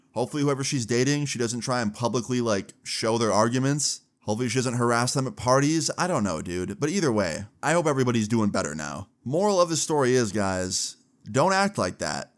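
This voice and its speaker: A young man vlogger casually telling a story time in a slangy, swearing way. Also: mid-range voice.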